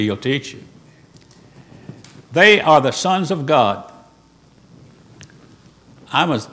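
Folksy preacher man arguing with his listeners. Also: medium pitch. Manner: folksy, rhetorical questions, voices imagined objections; quotes King James scripture. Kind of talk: sermon.

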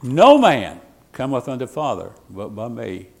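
A male pastor delivers a folksy sermon, quoting old scripture and chuckling at his own jokes. His pitch swoops widely as he swings from loud, emphatic bursts to hushed, confiding asides. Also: wildly swooping pitch, a little slow, gravelly.

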